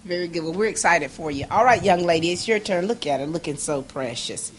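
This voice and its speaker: A woman's voice: lowish voice, lively intonation, a little fast. A woman hosting a local TV interview with students, effusive and teasing, laughing often.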